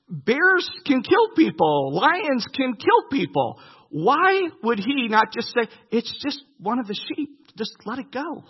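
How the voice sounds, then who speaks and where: A man's voice: high-pitched, gravelly, breathy edge. A man preaching a sermon, reading scripture aloud and breaking off to comment. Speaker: pastor. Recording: dull lo-fi recording with long hall reverb.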